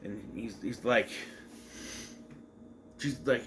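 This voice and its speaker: This is a young man's loose, rambling recap of a TV episode, chatty and full of self-corrections. His voice is medium in pitch and he draws out his words.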